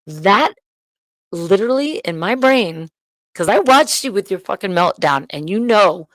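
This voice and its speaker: A woman's voice: fairly low pitch, a bit bright, no room sound. A woman hosting her own livestream, ranting in a profane, heated and indignant way. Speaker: livestream host.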